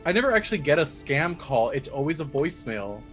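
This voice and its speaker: Lively self-mocking speaker, swooping pitch, casual chat. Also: quick pace, faint music behind. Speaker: tabletop game player.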